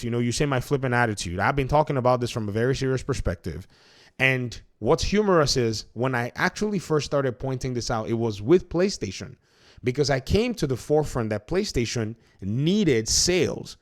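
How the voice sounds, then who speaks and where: A man hosting a solo gaming commentary, arguing his points emphatically and often restarting his sentences mid-thought. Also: medium pitch. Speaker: gaming commentary channel host.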